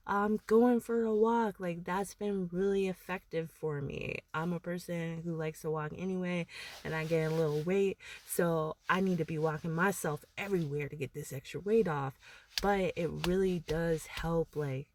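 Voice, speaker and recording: A woman's voice: lowish voice, lively intonation, measured pace, a little mellow, no echo. A woman giving casual motivational advice to camera, rambling and full of "like", with laughs between thoughts. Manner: rambling, filler-heavy, frequent "like". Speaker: motivational vlogger.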